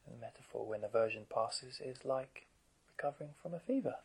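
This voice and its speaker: A man giving a gentle, conversational dharma talk to meditators as their teacher, often asking rhetorical questions. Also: mid-range voice, fairly quick, creaky, breathy edge, rough recording.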